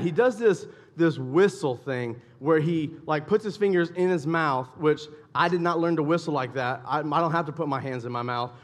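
Young guy preaching, talks casual to the room, repeats key words, pitch on the high side for a man. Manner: conversational preaching with repetition and dramatic pauses. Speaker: pastor. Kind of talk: sermon.

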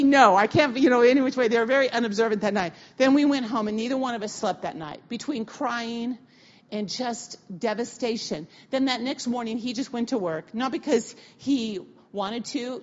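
High-voiced woman pastor, lively storytelling. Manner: animated storytelling with casual slang and restarts. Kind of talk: conversational sermon. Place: church sanctuary. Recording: dull, lo-fi audio of a church talk.

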